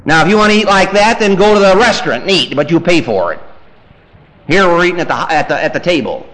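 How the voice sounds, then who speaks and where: A male preacher with a fairly high voice delivers a lively sermon. He shifts between loud, punchy bursts and hushed, low asides, and slips into quoted voices to act out family scenes. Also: fast, low-quality recording.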